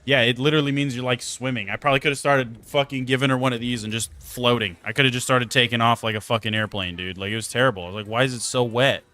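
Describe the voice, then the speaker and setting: Talking fast with hardly any pauses, a young man with a medium-pitched voice streams a game and spins stories for chat. His close desk mic picks up a casual, swearing, exasperated storytelling style.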